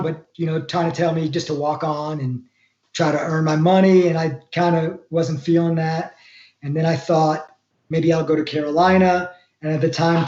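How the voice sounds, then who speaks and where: Relaxed man in a roomy, lo-fi room. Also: on the high side. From Florida. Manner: relaxed, rambling, laughs while telling stories. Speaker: guest, former college wrestler. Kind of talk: casual storytelling interview.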